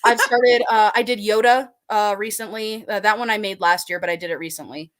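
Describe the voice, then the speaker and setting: A woman's voice: medium pitch, steady tone, a little fast. A woman guest, a haunt actor and burlesque performer, telling stories in casual chat, giggly and rambling, swearing freely.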